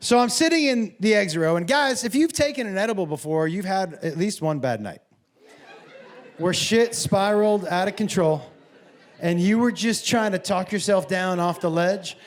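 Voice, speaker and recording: Stand-up comic, man, higher voice, big swooping delivery; profane storyteller who plays every character in the anecdote, on stage with a handheld mic. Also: normal speed. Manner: animated, profane, acts out both sides of dialogue with sudden yelps. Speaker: stand-up comedian. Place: comedy stage before a live audience.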